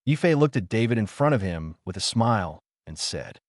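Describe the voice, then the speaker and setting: A man reads an audiobook in steady scripted narration. His voice sits low but swings widely in pitch. The recording is dry and close, with no room sound. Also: normal speed, dry recording.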